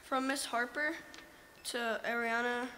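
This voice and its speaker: A young female student co-hosting morning school announcements, soft-spoken and a bit tentative. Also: a little high, fairly even intonation, a little slow. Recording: reverberant room with faint noise.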